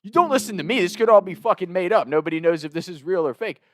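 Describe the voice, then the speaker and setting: A young man from the Midwest, telling a wild personal story in a casual, profane, animated way. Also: sits high, fast talker, no echo, studio quality. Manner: profane, animated, laughs at his own story.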